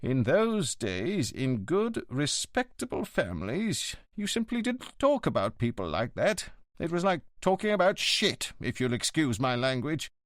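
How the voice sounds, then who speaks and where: Diretor escolar idoso e pomposo, interpretado por um homem, fala lenta e altiva, entonação muito variada. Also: male voice, fairly high pitch, very animated, no echo, studio quality, voice pushed up. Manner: slow, lofty, disapproving. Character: elderly retired male headmaster, stern and pompous.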